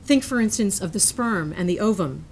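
Her medium-pitched voice is creaky and animated as she reads a prepared lecture, measured and earnest overall. Occasionally she digresses into self-amused side comments, and some hiss or hum can be heard.

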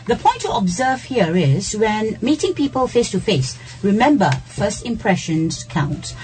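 A woman's voice: mid-range voice, big pitch swings, a little slow, darkish tone, soft background music. A middle-aged woman, hosting a radio lesson, laughing often and checking in with "yeah?". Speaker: radio English lesson host. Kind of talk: teaching workplace English on radio.

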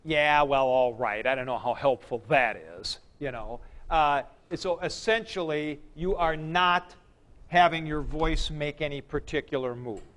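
A man's voice: on the high side, a little slow, a bit bright. A man teaching ancient Greek accents in a classroom lecture, explaining step by step with spoken examples.

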